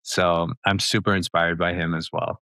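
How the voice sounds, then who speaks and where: A man in his thirties, an upbeat and chatty interview guest who talks quickly with many fillers and laughs. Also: low-pitched, flat delivery, creaky, sharp tone, smooth, dry recording. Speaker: podcast guest. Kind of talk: casual interview talk.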